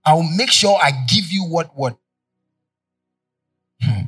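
Ghanaian male pastor, husky voice, mic at a distance, faint music under; call-and-response sermon style. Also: a little high, animated, slow, bright, forceful tone. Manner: call-and-response preaching, fill-in-the-blank questions.

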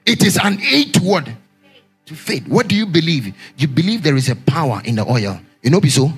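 A man preaching a sermon as pastor, raising his voice in shouted, singsong lines and asking the congregation questions for them to answer. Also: fairly high pitch, very animated, fairly quick, breathy edge, soft background music. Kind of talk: call-and-response sermon.

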